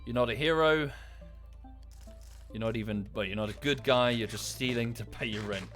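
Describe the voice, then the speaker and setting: A British man talks through a gaming livestream in loose, enthusiastic rambles, dropping swear words as he goes. His voice sits at an ordinary middle pitch, recorded close on a desk mic with faint game music underneath. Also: moderate pace, a bit bright. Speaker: streamer. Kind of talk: casual livestream chat.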